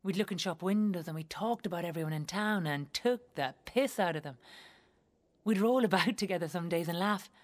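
A woman's voice: on the low side, moderate pace, natural voice. An actress with an Irish accent performing a theatrical monologue as a young Irish woman who speaks in an earthy, wry and blunt way and swears freely.

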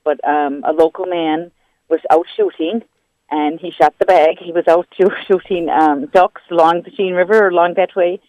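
A woman's voice: on the low side, steady tone, normal speed, darkish tone, no echo, dull audio. A woman telling a rambling, amused story on the radio. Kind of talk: casual storytelling.

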